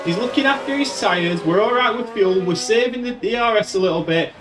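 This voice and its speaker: A man's voice: sits high, fairly quick. A man commentating his racing management game in a casual, exasperated way. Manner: exasperated, running race commentary. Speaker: gaming video host. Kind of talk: casual let's-play commentary. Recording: distant mic with game music behind. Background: game music.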